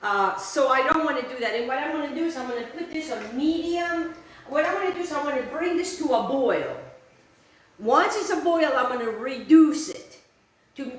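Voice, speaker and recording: A woman's voice: high voice, very echoey, low-quality recording. A woman hosting a cooking show, chatting casually to her viewers as she demonstrates a recipe in her kitchen. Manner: chatty, addresses viewers as guys, repeats "just like that".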